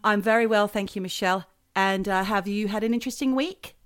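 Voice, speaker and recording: A chatty woman co-hosting a casual podcast, teasing and leading the chat with easy warmth in her words. Her voice sits at a middle pitch and moves along at an everyday pace. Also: fairly quick, clean tone. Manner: chatty, teasing, steers the show. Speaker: podcast co-host.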